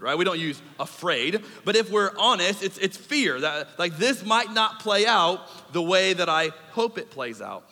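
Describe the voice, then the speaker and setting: High, bright-voiced preacher in a reverberant hall. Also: male voice, moderate pace, hardly any pauses. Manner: animated, conversational preaching with acted asides. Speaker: pastor. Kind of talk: sermon. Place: church sanctuary.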